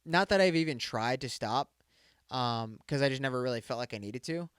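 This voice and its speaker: A man's voice: mid-range voice, brisk, a bit bright, smooth, dry recording, studio quality. A man in his mid-twenties hosting a casual solo podcast, rambling and swearing a lot and saying "dude" often. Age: 20s. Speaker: podcast host.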